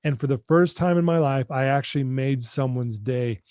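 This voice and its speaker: A man's voice: mid-range voice, moderate pace, a little mellow, no echo, studio quality. Earnest man telling a personal story. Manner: earnest, heartfelt, addresses the host directly. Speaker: guest, addiction recovery mentor. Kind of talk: personal storytelling in a podcast interview.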